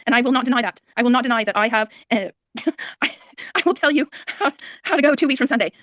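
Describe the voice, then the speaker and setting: High, rapid-fire pleading woman. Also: a bit bright, no room sound. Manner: pleading, emotional, repetitive. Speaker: mother of a missing child. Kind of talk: heated audio-chat argument.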